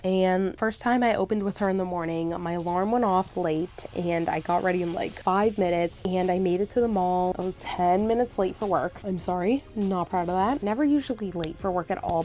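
A woman's voice: mid-range voice, darkish tone. A young woman vlogging in a casual storytime style, talking frankly with plenty of "like" and swearing. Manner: chatty, frank, lots of swearing and "like".

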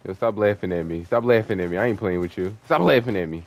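A young man commentating his online gameplay, taunting and cursing at opponents in an excitable, profane way. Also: lowish voice, fast talker. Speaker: gamer streaming online play. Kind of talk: trash-talking gameplay commentary.

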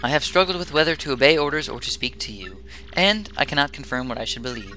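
A man voicing a dutiful male base computer with a conscience, speaking in a stiff, formal, measured way. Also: medium pitch, expressive, pushed and bright, pitched above the performer's own voice. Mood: solemn.

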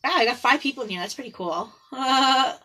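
Bright-voiced chatty woman reading tarot. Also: high voice, brisk, poor audio. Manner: chatty and giggly, breaks off for her pets; soft prayerful invocations to spirit guides. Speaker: tarot card reader. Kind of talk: casual livestream tarot reading. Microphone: phone or computer on a live video stream.

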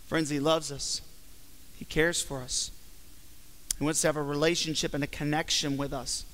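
Pastor guy preaching, kinda high voice, big echo of a church hall, leans hard on words. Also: level tone, a bit bright. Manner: emphatic preaching with slow, stretched phrases. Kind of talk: sermon. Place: church sanctuary. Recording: long hall reverb from a church.

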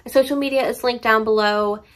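A woman's voice: on the high side, steady tone, brisk, a bit bright. A woman talking casually to camera about her favorite books, emphatic and playful as she gushes. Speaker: book reviewer.

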